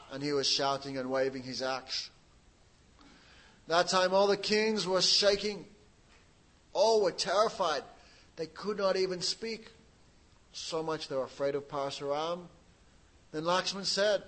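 Preacher guy retelling old scripture, kinda higher voice, lively, talks right to the crowd. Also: moderate pace, pauses often, poor audio. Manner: lively storytelling with asides to the audience. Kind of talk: sermon with retold scripture story.

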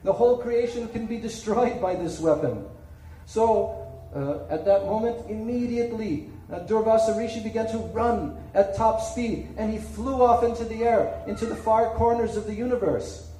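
A man tells a sacred story as a sermon, dramatically and with little checking asides. His voice is high and mellow. It is heard from a distance in a roomy, echoing space with faint ambience. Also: moderate pace. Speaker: spiritual speaker. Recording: echoey room, distant mic, faint ambience.

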